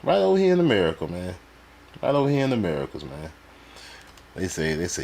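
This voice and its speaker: Man, very low voice, live streamer, reads sources aloud, slangy mocking commentary, faint background noise. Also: very animated, darkish tone. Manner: loose slangy talk, quick to laugh and mock.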